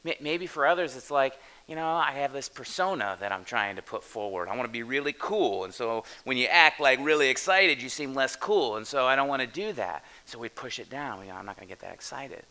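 A man in his thirties preaching a sermon in a casual, animated way, asking the listeners questions as he goes. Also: medium pitch, brisk, hardly any pauses, poor audio. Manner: conversational, animated, talks straight to the listeners with questions. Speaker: pastor.

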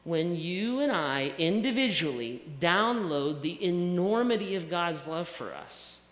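Male pastor, somewhat high, bright voice, conversational preaching, church hall with long reverb. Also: expressive, unhurried. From American South. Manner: conversational, self-deprecating preaching with repetitions. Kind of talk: sermon. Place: church sanctuary.

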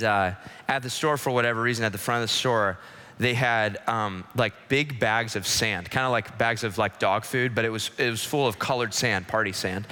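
A man preaching a sermon, swinging from loud pleading to hushed, intimate talk. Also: fairly low pitch, clear, resonant tone. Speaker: pastor. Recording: live sermon with long hall reverb.

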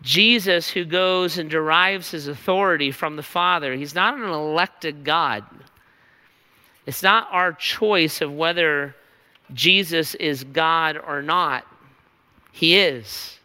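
A man's voice: on the high side, slow pace, bright, forceful tone, clear, resonant tone. A man preaching a sermon as pastor, earnest and emphatic, teaching from scripture. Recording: reverberant hall.

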